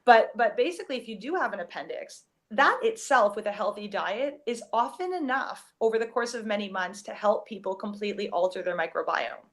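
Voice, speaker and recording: A woman's voice: mid-range voice, animated, fairly quick, hardly any pauses, a bit bright. A woman from Canada, a podcast guest, explaining health topics in a casual, enthusiastic way.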